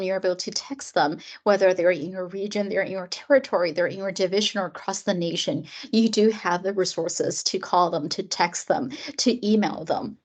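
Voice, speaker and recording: A woman's voice: medium pitch, darkish tone. A woman hosting an online training session, giving earnest closing remarks with rising emphasis over a video call. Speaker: webinar host.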